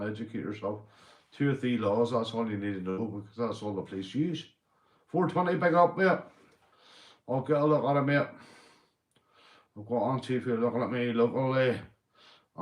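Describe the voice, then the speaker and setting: A Northern Irish man chatting casually on a live stream, slangy and swearing freely, calling everyone mate. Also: mid-range voice. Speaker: livestreamer. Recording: roomy echo.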